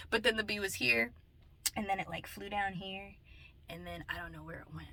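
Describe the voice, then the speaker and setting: Bright-voiced chatty woman vlogger. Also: medium pitch, moderate pace. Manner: chatty and animated, swings between loud bursts and muttered asides. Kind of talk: casual talking-to-camera vlog.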